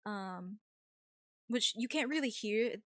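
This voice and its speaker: A young woman streamer with an American accent that has a faint Vietnamese tinge, chatting casually with viewers, easygoing and quick to laugh. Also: fairly high pitch, expressive, fairly bright tone, dry recording, clean studio sound. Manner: easygoing, chatty, laughs often, many ums. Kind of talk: casual chat reading viewer messages.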